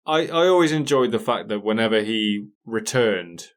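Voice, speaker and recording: A man's voice: fairly low pitch, lively intonation, normal speed. Rambling man in casual chat. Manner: rambling, self-interrupting, chuckling. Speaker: podcast co-host. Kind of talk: casual chat, watching along.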